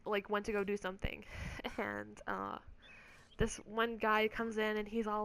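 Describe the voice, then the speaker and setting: A woman's voice: mid-range voice, flat delivery, measured pace, fairly bright tone, clear, resonant tone. A woman gamer vlogger telling a story in a casual, rambling rant, swearing often and filling her speech with "like". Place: at home.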